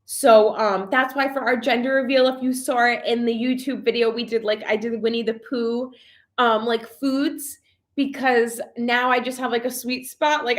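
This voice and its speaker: Young woman, vlogger, slightly high pitch, chatty, emotional, filler-heavy casual talk. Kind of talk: casual live chat, reading viewer comments.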